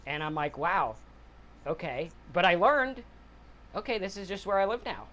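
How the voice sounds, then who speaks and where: On dull audio, a sobriety-channel host in his forties talks briskly in a high, slightly bright voice with lively intonation. His reflective monologue is casual, earnest, and rambling, punctuated often by a checking-in "right?".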